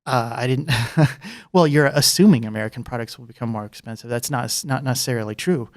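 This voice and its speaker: Male guest, quick rambling talker, fillers galore, dry close mic. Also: medium pitch, dry recording. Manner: rambling, fast, many fillers and asides. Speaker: guest, former political candidate. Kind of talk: casual political chat.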